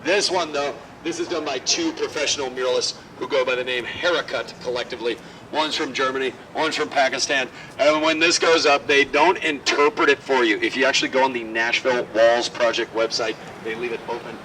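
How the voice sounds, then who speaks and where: A man leading a walking tour outdoors, telling stories in a lively, joking way. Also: medium pitch, a little fast. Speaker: tour guide. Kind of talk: guided walking tour talk. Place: outdoors on a city street. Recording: distant outdoor mic, faint street noise.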